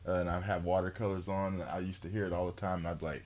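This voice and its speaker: Deep-voiced easygoing male radio host. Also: level tone, very fast, a little mellow. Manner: easygoing, enthusiastic, laughs often. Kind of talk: casual radio interview.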